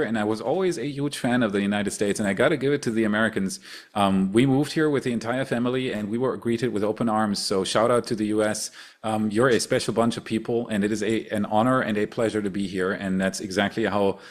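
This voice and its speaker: Excited German-accented male stream host. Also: on the low side. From Germany, Rhineland. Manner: excited, talks fast with frequent repeated words. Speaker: livestream host. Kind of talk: casual livestream chat.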